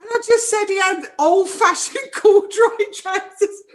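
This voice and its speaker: A woman's voice: extremely high pitch, a little slow. A middle-aged woman, a psychic medium telling funny stories in an interview, often breaking into laughter. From New Zealand. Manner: animated, laughing anecdotes. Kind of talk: casual storytelling interview.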